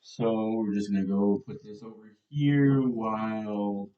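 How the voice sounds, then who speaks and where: A man's voice: fairly low pitch, steady tone, slow, dull audio. A man hosting a fan podcast, casually previewing a hockey team's schedule and thinking aloud as he talks.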